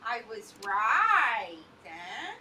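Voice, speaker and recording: A woman with a high, bright voice chimes in with short, chatty remarks. Her pitch jumps around a lot as she chats casually next to a friend at the slots. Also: very animated, extremely slow, a little hiss or hum. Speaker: companion at the slots. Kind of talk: casual chat.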